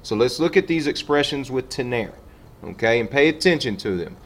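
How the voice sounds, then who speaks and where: A man teaching a Spanish lesson, patiently walking through examples and slowing down for each sample sentence. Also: medium pitch, lively intonation. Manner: patient, repeats "okay" and slows down for example sentences. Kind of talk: classroom lesson explaining on a board.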